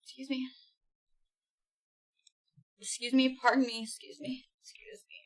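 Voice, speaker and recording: A woman's voice: high-pitched, fairly even intonation, brisk. Giggly, gushing woman streamer. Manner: giggly, gushing, rambling to herself. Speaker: game streamer. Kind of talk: casual live-stream chat.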